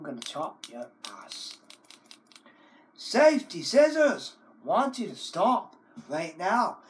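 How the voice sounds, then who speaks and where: A man ranting at his computer on camera, scolding over and over with repeated words, long wailing cries, and low growled, cursing threats. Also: big pitch swings, slow. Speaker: video maker.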